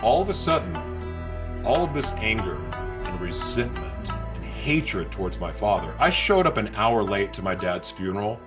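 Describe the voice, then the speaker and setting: A man telling his personal story as an interview guest, halting and restarting, sometimes reliving his past outbursts. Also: on the low side, very animated, over music. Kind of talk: emotional personal testimony.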